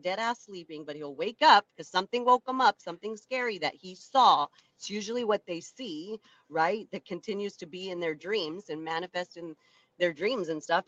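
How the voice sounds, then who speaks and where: A woman co-hosting a casual online talk show from her car, speaking emphatically and excitably. She is heard through her phone without headphones, so the sound is dry and dull. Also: mid-range voice, dry recording. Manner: emphatic, excitable, talks over others. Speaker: co-host.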